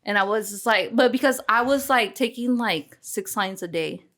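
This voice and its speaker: A young woman with a fairly high voice talks candidly in a loose, casual podcast chat. She swears freely and leans on slang, running her own beauty business. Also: normal speed, a bit bright.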